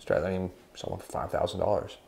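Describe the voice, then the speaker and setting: A man's voice: sits low, quick pace, creaky, warm tone. A man in his forties co-hosting a guitar shop chat, rambling and joking as he tells stories. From United States. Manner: rambling, jokey storyteller. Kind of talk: casual chat.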